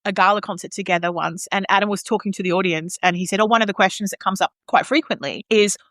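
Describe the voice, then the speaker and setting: A woman chatting as a host, swinging into animated storytelling full of acted-out quotes and laughter. Her voice sits at an ordinary middle pitch, close and dry, with no room around it. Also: fast talker, no echo. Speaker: opera singer sharing stories. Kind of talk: casual chat.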